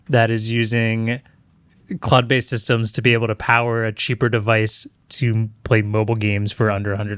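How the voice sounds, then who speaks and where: A man co-hosting a tech podcast, talking casually and explaining at length with plenty of fillers. His voice sits at a middling pitch and sounds dry and close. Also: clear, resonant tone, dry recording. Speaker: podcast co-host. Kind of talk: casual chat.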